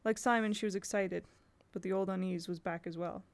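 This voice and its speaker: A woman's voice: mid-range voice, fairly even intonation, fairly quick, gravelly. A woman reading a novel aloud in a casual way, now and then stopping to correct herself. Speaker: audiobook reader.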